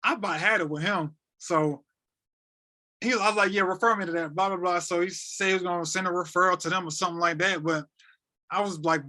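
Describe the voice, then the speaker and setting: A man in his thirties from North Carolina, talking as a podcast guest. His voice sits high and bright for a man. He tells his story in an animated way, stumbles over repeated words and acts out the lines other people said. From North Carolina, USA. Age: 30s. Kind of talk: emotional storytelling.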